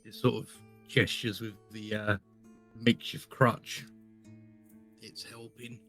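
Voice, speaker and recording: A man's voice: lowish voice, flat delivery, measured pace, gravelly, fairly bright tone, soft background music. A man playing a tabletop role-playing game, describing his character's actions in an understated way. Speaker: player.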